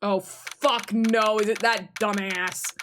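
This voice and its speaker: A woman streamer giving casual, sarcastic commentary while playing a game, blunt and quick to swear. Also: mid-range voice, steady tone, fairly bright tone. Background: game music.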